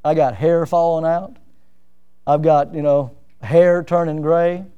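A man's voice: on the high side, steady tone, slow pace, mellow, smooth, lo-fi sound. A middle-aged man preaching a sermon as pastor, with rising emphatic outbursts and self-deprecating humor.

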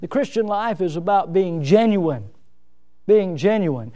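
A middle-aged man preaching a sermon in a folksy, plain-spoken way, with self-mocking humor and lively emphasis. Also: high-pitched, unhurried.

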